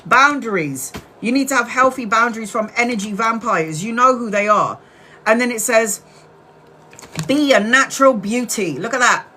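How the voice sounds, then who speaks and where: A woman's voice: a little high, moderate pace, bright, forceful tone, slight background noise. A woman doing a casual live-stream tarot reading, blunt and chatty, with the odd swear word. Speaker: tarot reader.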